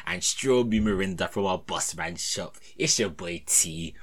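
A young man co-hosting a casual podcast, teasing his friend in quick slang banter. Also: low-pitched, breathy edge. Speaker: podcast co-host.

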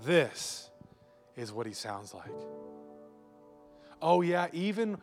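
A man's voice: fairly high pitch, big pitch swings, slow pace, over music. A male pastor preaching a live sermon in church, joking and asking the congregation rhetorical questions. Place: church sanctuary before a congregation.

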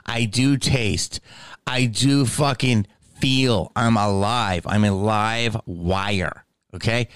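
A man's voice: lowish voice, slow pace, fairly bright tone, smooth, dry recording. Profane ranting man, dry close sound. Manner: profane, emphatic, repeats "okay?". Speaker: podcast host. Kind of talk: casual ranting monologue.

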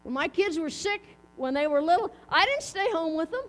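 High-voiced lady preaching casually, chatty and homespun, a hum behind her. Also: expressive, fairly quick. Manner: folksy, chatty, asks the audience questions. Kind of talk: casual sermon. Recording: mains hum underneath.

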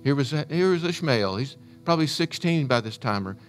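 A man's voice: mid-range voice, animated, fairly quick. A man preaching a sermon, retelling a scripture story in an earnest, storytelling way. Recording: faint music underneath.

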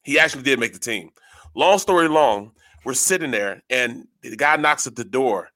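Bright, lively former football player. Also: male voice, mid-range voice, normal speed, no echo. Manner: animated, slangy storytelling. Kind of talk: casual sports radio storytelling.

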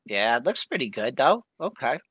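A man co-hosting a market show in quick, bantering talk. His voice is bright and bounces around in pitch. The sound is dry. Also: very animated, slightly rough, dry recording. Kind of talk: casual trading chat.

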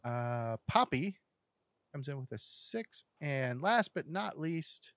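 A man running a tabletop game as game master, describing scenes in a steady narrating voice with casual asides to the players. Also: a little high, takes it slowly, no room sound.

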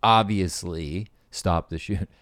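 A man with a very deep voice co-hosts a casual podcast, reading out a script and then rambling through his thoughts with fillers and self-deprecating asides. The sound is close and dry. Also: slow pace, fairly bright tone, no room sound. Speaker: podcast co-host.

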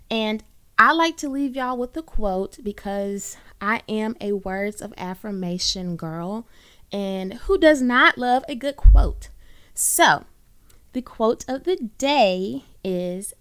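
A woman hosting a short encouraging podcast, talking earnestly to listeners and saying y'all often. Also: fairly high pitch. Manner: earnest, warm-hearted, uses y'all and folksy phrasing. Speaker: podcast host. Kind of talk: encouraging faith podcast monologue. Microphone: own microphone.

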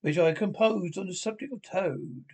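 A man reading the part of a boastful, squeaky weasel chief in a storybook. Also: moderate pace, a little mellow, slightly rough. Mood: mocking.

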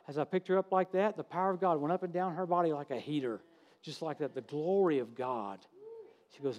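High-voiced folksy preacher man. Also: fast talker. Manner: folksy, humorous, animated storytelling. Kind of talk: sermon with storytelling. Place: church.

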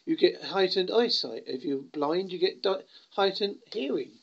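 A woman's voice: lowish voice, animated, normal speed, creaky, highs cut off. A woman interviewing a guest, speaking hesitantly and politely. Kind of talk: casual interview.

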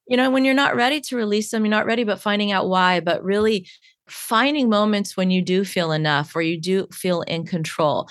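A woman's voice: lowish voice, no echo, clean studio sound. A woman coach from Chicago talking animatedly in a casual podcast conversation, acting out quotes. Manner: animated, acts out quotes with big voices.

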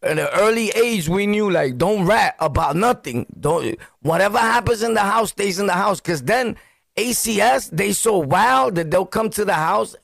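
Brooklyn dude podcasting, raspy fry, dry close sound, jumpy slangy storytelling. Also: male voice, high-pitched, no echo. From Brooklyn, New York. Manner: animated, laughing, sound-effect interjections, street slang. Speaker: podcast host. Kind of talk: casual storytelling.

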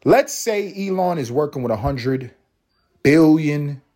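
A young man hosting a solo podcast, ranting casually with lots of profanity and sudden high-pitched exclamations. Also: animated, unhurried, mellow. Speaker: podcast host.

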